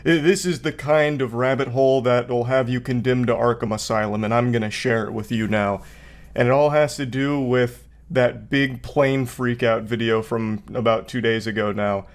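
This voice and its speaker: A man's voice: mid-range voice, steady tone, normal speed. A man hosting comedic video commentary, riffing sarcastically and swearing freely. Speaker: commentary host.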